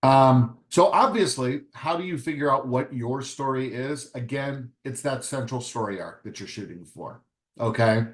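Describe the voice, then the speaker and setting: A man teaching a writing workshop in an easygoing, chatty way. His voice sits at an ordinary middle pitch, and he slips into little acted-out exchanges to make his points. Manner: conversational, acts out little scenes with quick voice shifts. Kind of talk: casual workshop lecture.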